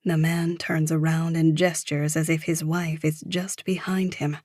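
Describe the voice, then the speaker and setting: Low-voiced woman narrating a thriller. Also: little pitch movement, unhurried, darkish tone, no room sound, studio quality. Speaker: audiobook narrator.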